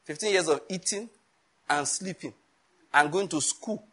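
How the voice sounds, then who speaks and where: A man with a Nigerian accent preaching a sermon, animated, acting out voices and laughing often. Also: a little high, a little slow, slightly rough. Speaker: pastor.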